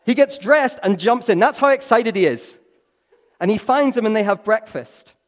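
A man preaching a sermon, telling stories with swings from hushed to excited. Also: high-pitched, moderate pace. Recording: long reverb of a large hall.

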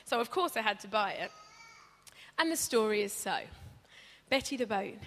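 A woman's voice: mid-range voice, expressive, moderate pace, fairly bright tone. A woman preaching a conversational sermon, chatty and humorous, acting out stories as she goes. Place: church hall. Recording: reverberant church hall.

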